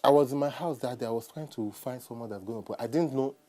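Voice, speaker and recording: Brief: Nigerian man, young adult, Nigerian accent, mellow voice, quick animated storytelling guest. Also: medium pitch. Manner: animated storyteller, acts out quotes, repeats "you understand". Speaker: musician guest. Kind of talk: casual interview chat.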